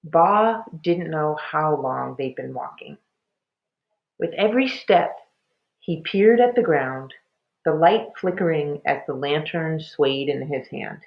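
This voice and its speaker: A woman reads a chapter book aloud, slow and unhurried. Her voice is fairly low, with a lively, rising and falling melody. The recording sounds dull and lo-fi. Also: vocal fry. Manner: expressive, slow storytelling. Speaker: storybook reader. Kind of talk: reading a children's book aloud.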